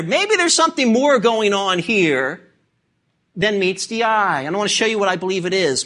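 A man's voice: high-pitched, sing-song, moderate pace, bright, forceful tone. A man preaching a sermon, emphatic and full of rhetorical questions, asking the congregation to turn to scripture. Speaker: pastor.

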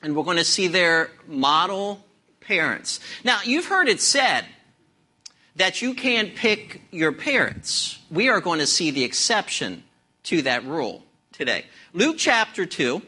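A man preaching a sermon, opening with a folksy joke told slowly and deliberately. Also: fairly high pitch, sing-song, sharp tone. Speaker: pastor.

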